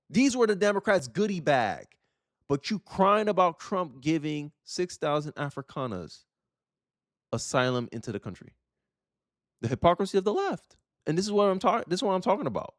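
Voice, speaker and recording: A man delivers casual political commentary in a fairly high voice for a man, pressing his points with repeated words and quick "right?" tags. The sound is dry and close, with no room around it. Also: expressive, no echo. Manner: emphatic, repeats words and says "right?" often.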